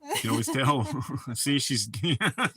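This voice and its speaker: With a Southern drawl and dip packed in his mouth, the streamer keeps things loose, cursing and laughing often. His medium-pitched voice swoops wildly, bright and forceful, moving a little slowly.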